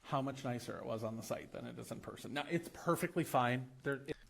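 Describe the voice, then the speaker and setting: A young American man telling a travel story in a casual vlog, animated and laughing often as he acts out the people he met. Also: medium pitch, fast talker, vocal fry, breathy edge. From United States.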